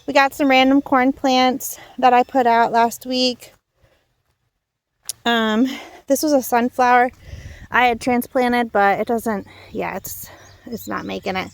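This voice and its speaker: This young woman speaks in a high voice and sounds slightly out of breath as she strolls through her garden. She chats casually to the camera, trailing off and correcting herself as she goes. Her voice is close and dry, with little room sound, as though from a phone held near her. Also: fairly even intonation, measured pace, gravelly, dry recording. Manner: chatty and rambling, with many fillers and self-corrections. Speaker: home gardener and channel host. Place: outdoor backyard garden.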